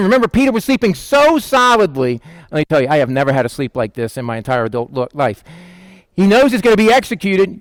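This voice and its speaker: A man preaching in a conversational style, asking the listeners questions and acting out quotes in quick voices. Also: sits high, no echo. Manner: asks the listeners questions and answers them. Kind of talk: conversational Bible teaching.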